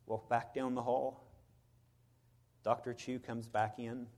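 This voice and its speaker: A middle-aged man, a preacher, telling a personal story in a sermon, swinging between loud bursts and hushed moments. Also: mid-range voice, little pitch movement, takes it slowly.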